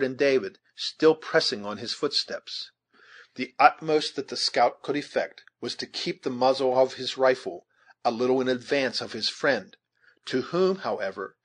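A man reading a novel aloud in a steady, measured narration. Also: medium pitch. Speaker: audiobook reader. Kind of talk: scripted narration.

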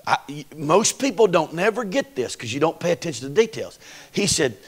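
A man's voice: fairly high pitch, big pitch swings, fairly quick, husky. A man preaching a Pentecostal sermon in a folksy, dramatic way, acting out the people in the story and calling on the congregation to respond. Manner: folksy, dramatic, acts out voices, call-and-response. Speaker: pastor.

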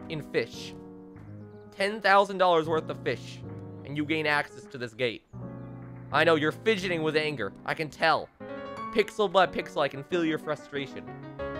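Teasing, animated young man playing a game. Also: fairly high pitch. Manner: teasing, mock-dramatic, talks to game characters. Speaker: let's play host. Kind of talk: playful gameplay commentary.

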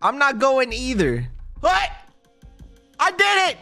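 A man giving casual, excitable gaming commentary, repeating himself and talking straight to viewers. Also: very high voice, slow, faint music behind. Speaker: gaming YouTuber.

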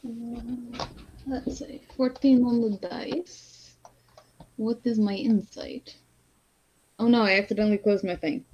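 A woman playing a tabletop game, casual and relaxed, giving brief replies. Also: on the high side, slow pace, a little hiss or hum. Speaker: player. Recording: dull lo-fi mic.

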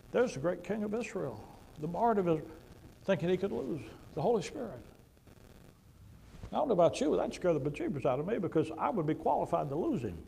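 A man preaching a sermon to a congregation, conversational and emphatic, with sudden loud punches. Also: high-pitched, vocal fry, slight background noise, poor audio. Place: church before a congregation.

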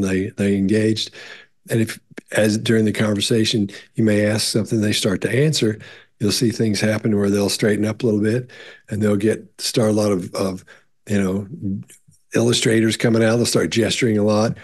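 A middle-aged man, a behavior analyst, answering viewer questions in a casual, rambling way with frequent restarts. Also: a little mellow. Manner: rambling, repeats words, many restarts and fillers; acts out quoted voices in higher pitch. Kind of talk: casual explanatory talk.

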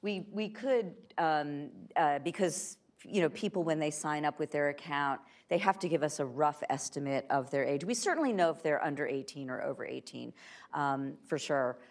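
A woman speaking as a guest onstage at a conference, lively and laughing, acting out quoted voices between frequent fillers. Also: low voice, moderate pace. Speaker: guest speaker, tech company privacy chief. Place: stage at a tech conference.

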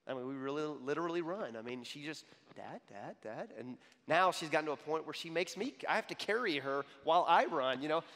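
Male pastor in his 30s, slightly high voice, lively talk-style sermon, hall reverb. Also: fast, hardly any pauses. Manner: animated, repeats "okay?" to the crowd. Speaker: young adults pastor. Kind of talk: conversational sermon.

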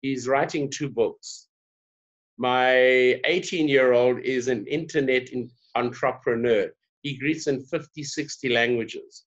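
A South African man in his forties, a guest on an interview, telling stories in an animated, earnest way with playful asides. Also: medium pitch, unhurried, dull audio. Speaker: guest, diversity specialist. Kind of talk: casual interview talk.

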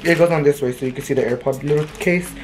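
A young vlogger chats quickly at a medium pitch, rambling through a shopping haul like an animated storyteller. It's a casual haul vlog, with faint music in the background.

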